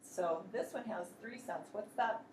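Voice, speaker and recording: A woman training teachers in a workshop, explaining in a practical, chatty way and slowly sounding out words to demonstrate. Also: medium pitch, reverberant, background noise. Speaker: literacy educator training teachers.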